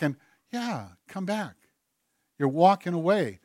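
A man in his pulpit preaching, his voice sitting a touch high for a man. He dips to near-whispers and swells back up to emphatic points. The sound is dry and close, with no room echo. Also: lively intonation, a little slow. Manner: swings between hushed and emphatic, acts out God's voice. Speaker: pastor. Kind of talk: sermon.

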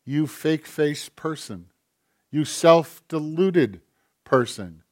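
A man's voice: fairly high pitch, animated, slow pace. A man preaching a sermon in a conversational way, acting out quoted voices as he goes. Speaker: pastor.

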